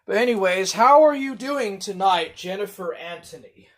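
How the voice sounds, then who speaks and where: A man hosting a livestream, rambling through a monologue and reading out chat messages, repeating himself and drifting between loud and muttered. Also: high-pitched, animated, moderate pace. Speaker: livestream host.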